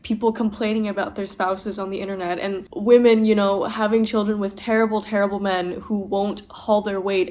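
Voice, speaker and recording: A woman's voice: mid-range voice, darkish tone. A young woman talking candidly and emotionally to her camera in a casual vlog, swearing freely as she sits on the floor at home. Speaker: vlogger.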